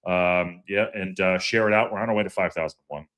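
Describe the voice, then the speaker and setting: Speaking fairly quickly in a somewhat low voice, this man keeps his fan podcast livestream loose and conversational. His sentences wander and restart, packed with repetition and filler sounds, and he calls out people in the chat by name.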